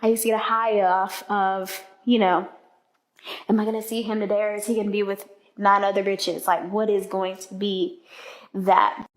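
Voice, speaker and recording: A woman's voice: mid-range voice, level tone, normal speed. A woman speaks candidly and casually about her own habits in a confessional podcast tone.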